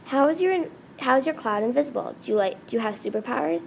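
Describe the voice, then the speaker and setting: An eager young candy witch girl, read aloud by a woman in a fairly high voice with a slight creaky edge. She sounds like a storybook friend, plain and unpolished. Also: expressive, quick pace, a little mellow, slight background noise. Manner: reads lines aloud in plain speaking voice.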